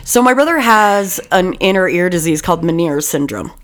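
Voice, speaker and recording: A woman chatting casually as co-host, telling lively stories, swearing freely and laughing often. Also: lowish voice, normal speed. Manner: animated, voices the people in her stories. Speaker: podcast co-host. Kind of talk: casual chat, storytelling.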